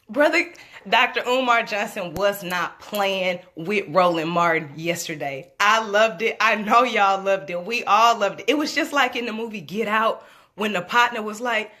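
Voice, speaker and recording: A young adult woman giving a chatty, excitable commentary for her vlog, full of "like" and "y'all.". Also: medium pitch, normal speed. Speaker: vlogger.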